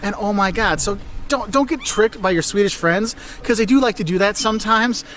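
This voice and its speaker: A man presenting a travel video to camera outdoors, talking in a lively, jokey way with exaggerated asides. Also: sits high, a little fast. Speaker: travel vlogger.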